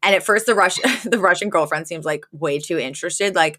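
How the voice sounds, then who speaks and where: Woman podcast co-host, bright voice, casual teasing recap chat with frequent laughs. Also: on the low side, moderate pace. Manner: laughs often, teasing and blunt.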